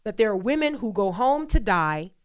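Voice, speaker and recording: A woman's voice: mid-range voice, very animated, moderate pace, smooth. A woman co-hosting a faith talk show, speaking with passion and repeating phrases for emphasis. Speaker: co-host.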